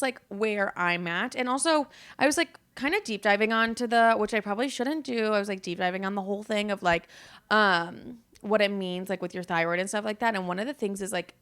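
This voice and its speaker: This young woman runs her own podcast and delivers a casual, candid solo monologue that rambles, full of fillers and regular cursing. Her mid-range voice is clear and resonant, with a bit of brightness.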